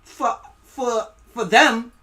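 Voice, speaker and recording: A man's voice: extremely high pitch, very slow, pitched above the performer's own voice, full character voice. A man voicing a street-tough official who barks orders while confiscating people's food. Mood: menacing. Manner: loud, bossy, street-tough demands. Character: aggressive male official seizing people's food.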